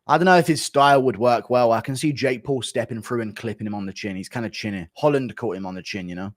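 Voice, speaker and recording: A man, reacting to chat on a livestream, giving blunt, dismissive, rapid-fire verdicts. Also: mid-range voice, no echo, clean studio sound. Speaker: streamer.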